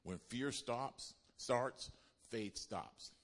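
Preaching man in a reverberant hall. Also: extremely slow. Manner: swings from loud exhortation to low, quiet speech. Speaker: pastor. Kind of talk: sermon.

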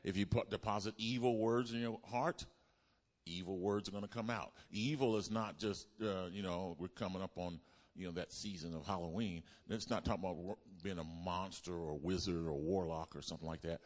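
Man preaching a lively call-and-response sermon. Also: sits low, a little fast. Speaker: pastor. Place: church.

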